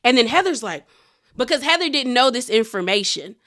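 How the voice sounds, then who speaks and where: Bright, animated woman recapping reality TV. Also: on the high side, brisk. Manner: animated storytelling, acting out quotes from the cast; laughs between remarks. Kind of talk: casual episode recap.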